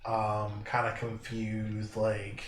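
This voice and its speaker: A man narrating as game master of a tabletop game, describing scenes slowly with many fillers, in an echoey room with faint noise. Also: on the low side, completely flat delivery. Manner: unhurried, filler-heavy description.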